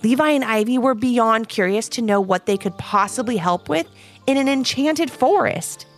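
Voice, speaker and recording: Playful high-voiced woman storyteller. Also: moderate pace, faint music behind. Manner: chatty asides, playful. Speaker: co-narrator. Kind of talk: children's story reading.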